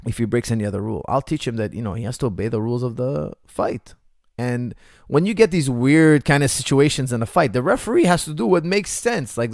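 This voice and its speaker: Gravelly man coach, animated storyteller. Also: mid-range voice, no room sound, clean studio sound. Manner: animated storytelling, acts out quotes, many fillers. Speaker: coach answering viewer questions. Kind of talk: casual livestream Q&A.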